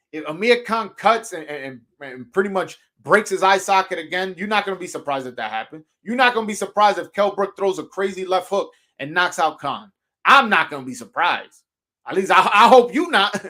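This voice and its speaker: A high-pitched man hosts a boxing talk show, his voice bright and forceful. He talks loosely and animatedly, swearing freely and laughing between points, with plenty of false starts and repeats. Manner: animated, loose and profane, laughing often, many restarts. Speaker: podcast host.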